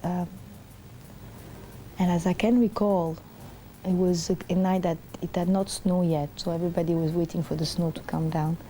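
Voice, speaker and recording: Mellow-voiced woman telling her story. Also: fairly low pitch, a little hiss or hum. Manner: animated, acts out the voices of others; rambling with many fillers and restarts. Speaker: interview guest. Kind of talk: personal storytelling.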